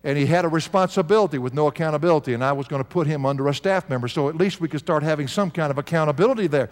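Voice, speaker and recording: A man's voice: a little high, rapid-fire. An older man preaching a sermon as a pastor, telling stories and repeating key words for emphasis. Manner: storytelling preacher, animated and repetitive for emphasis. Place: church sanctuary. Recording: long reverb of a church hall.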